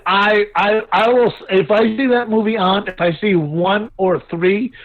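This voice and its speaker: A woman's voice: mid-range voice, a little slow. A woman co-hosting a podcast in casual chat, teasing and swearing often. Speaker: podcast co-host. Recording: dull lo-fi sound.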